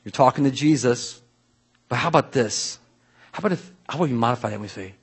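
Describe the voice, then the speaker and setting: A man preaching a sermon as pastor, telling a Bible story in a lively way, swinging from soft asides to loud acted-out voices. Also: medium pitch, quick pace, pauses often, husky.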